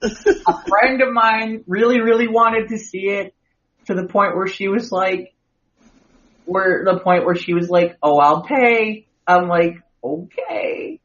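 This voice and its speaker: A man's voice: high voice, level tone, a little slow, fairly bright tone. A man co-hosting a podcast, chatting casually in a rambling way full of restarts. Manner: rambling, with many restarts and repeated words. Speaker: podcast co-host. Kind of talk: casual chat, movie review. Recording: muffled lo-fi audio.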